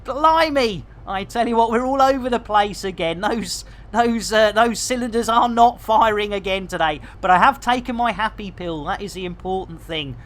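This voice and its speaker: During a live gameplay stream, a middle-aged Englishman with a Yorkshire Barnsley accent keeps the chat jokey and packed with catchphrases. His voice sits high and is a bit bright, moving at a normal speed with few pauses.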